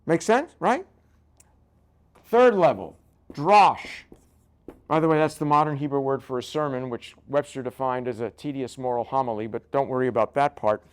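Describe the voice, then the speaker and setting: A man's voice: medium pitch, lively intonation, moderate pace, clear, resonant tone. An older man, a rabbi, giving a conversational Bible lecture full of jokes and asides, often checking in with "right?". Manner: joking, keeps asking "right?".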